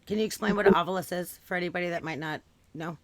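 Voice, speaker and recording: A woman with a very low voice hosts a casual podcast chat. She thinks aloud in a measured, reflective way. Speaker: podcast host.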